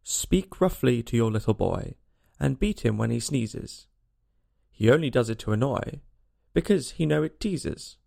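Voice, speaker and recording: Bossy harsh old duchess, a man putting her on, slow chanting, gravelly, a bit lower. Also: animated, warm tone, exaggerated voice. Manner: harsh, sing-song and bossy. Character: rough bossy noblewoman, the Duchess.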